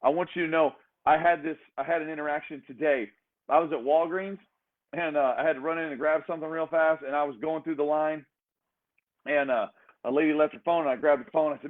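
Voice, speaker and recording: A man giving an energetic motivational talk as a fitness coach, speaking in emphatic, repeated exhortations. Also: fairly high pitch, fairly quick. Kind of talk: motivational speech. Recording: tinny phone-like sound.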